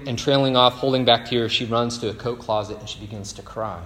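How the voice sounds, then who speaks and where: A man's voice: mid-range voice, fairly even intonation, brisk, hardly any pauses, a bit bright. A male pastor preaching a sermon, telling stories and tossing in rhetorical asides. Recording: echoey hall with faint ambience.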